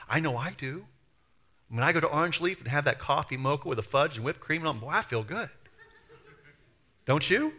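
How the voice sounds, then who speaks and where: A man's voice: fairly high pitch, pushed and bright. A man pastor preaching a sermon in a conversational way, full of rhetorical questions and acted-out quotes.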